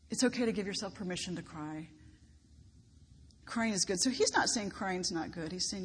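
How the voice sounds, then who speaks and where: A woman pastor preaching a sermon, expressive and emphatic, lifting her voice on key words. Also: mid-range voice. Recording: long reverb of a large hall, faint background noise.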